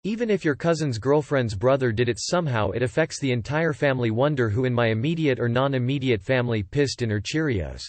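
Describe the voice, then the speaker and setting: A man reads stories aloud in a steady, plain manner. The sound is dry and close, with almost no room around it. His pitch sits at an ordinary middle height. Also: a little fast, hardly any pauses, no room sound. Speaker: story reader. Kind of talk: scripted narration.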